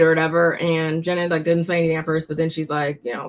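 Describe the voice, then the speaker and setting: A young woman bluntly recaps a reality show in slang, often sounding fed up, as casual commentary. Her pitch is fairly low, her tone steady, and she talks fairly quickly.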